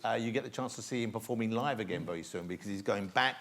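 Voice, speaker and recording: A man's voice: fairly low pitch, fast talker, a crowd in the background. A man hosting a talk show, asking guests questions in a joking, teasing way. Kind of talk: chat show interview. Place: TV studio with audience.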